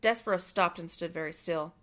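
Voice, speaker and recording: Bright-voiced woman reading a storybook. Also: lowish voice, a little fast. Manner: expressive, asides to listeners. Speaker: reader. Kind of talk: storybook read-aloud for children.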